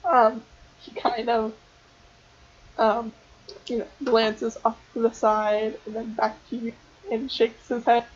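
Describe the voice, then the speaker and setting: A woman's voice: a little high, level tone, takes it slowly, pauses often, breathy edge, lo-fi sound. A young woman narrating as game master for a tabletop game, hesitant and full of ums and restarts.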